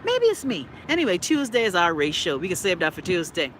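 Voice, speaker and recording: A woman's voice: lowish voice, wildly swooping pitch, a little fast, slight background noise. A middle-aged woman with a Bahamian accent hosting a live talk show. She rants in a brash, profane way and teases her viewers by name. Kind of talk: casual live-stream rant.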